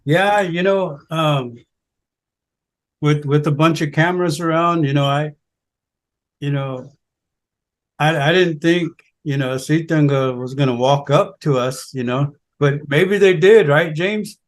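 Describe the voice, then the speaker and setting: A man's voice: fairly high pitch, measured pace. A man, a filmmaker guest, answering an interview hesitantly with many fillers. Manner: hesitant, many "you know"s.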